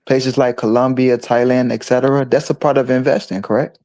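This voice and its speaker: A man with a mellow, relaxed voice at middle pitch, talking in a casual group discussion. He chips in with short remarks and pointed questions. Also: fairly quick, no room sound. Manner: brief interjections and pointed questions. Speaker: panel guest.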